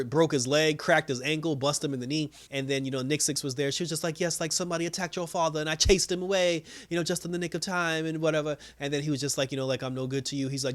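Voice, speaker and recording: A man hosting a show, giving a casual, animated recap of a TV episode in slangy talk and breaking into characters' lines. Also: a little high. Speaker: show host reviewing a TV episode.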